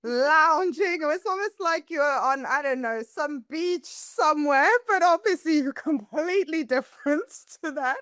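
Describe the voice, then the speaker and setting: A soft-spoken woman host with a high, light voice, gentle and composed as she joins in the guest's story. Her voice is recorded close and dry, with no room echo. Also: moderate pace, hardly any pauses. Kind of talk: conversational interview.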